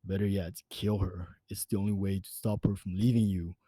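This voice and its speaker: Man voicing a sinister whispering-low inner voice for a horror story, menacing, dry close sound. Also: fairly even intonation, normal speed, warm tone, husky, no room sound. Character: sinister male voice inside a head.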